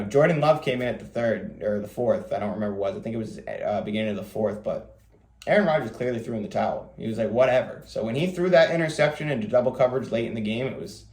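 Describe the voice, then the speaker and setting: A man hosting a fantasy football show, talking quickly in a casual, rambling way with lots of fillers. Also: mid-range voice, a little mellow, echoey room. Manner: rapid, rambling delivery with many fillers. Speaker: fantasy football podcast host. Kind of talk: casual solo commentary.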